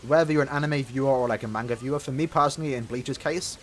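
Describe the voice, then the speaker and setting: A man's voice: medium pitch, quick pace, slight background noise. A young sounding man with a sore throat, rambling casually with lots of fillers while he plays a mobile game. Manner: rambling, chatty, many fillers. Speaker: gaming channel host.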